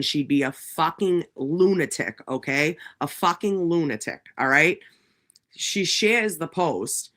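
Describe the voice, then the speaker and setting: A woman hosting a casual livestream from home, ranting in an animated, profane way. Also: low-pitched. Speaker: livestream host.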